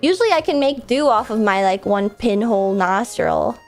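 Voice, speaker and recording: A woman's voice: medium pitch, expressive, moderate pace, soft background music. A woman streamer, stuffed up from a cold, chatting casually and giggling while she reads out viewer messages. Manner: chatty and giggly, with lots of likes and restarts.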